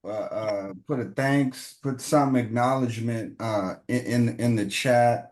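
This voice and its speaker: Host guy on a video call, lots of uh and restarts, says brother a lot, middle pitch. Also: steady tone, darkish tone. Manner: halting, full of restarts, calls people brother. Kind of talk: hosting an online training call.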